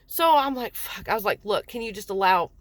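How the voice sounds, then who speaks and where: A woman's voice: medium pitch, animated, brisk, no echo. A woman in her forties telling her own story in a heated, blunt way, swearing often and acting out what others said. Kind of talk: angry personal storytelling.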